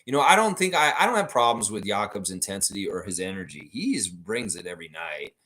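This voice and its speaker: Talking fast in a fairly low voice, a man hosting a fan channel's livestream rants animatedly, reads viewer comments aloud, and curses casually while addressing his viewers directly.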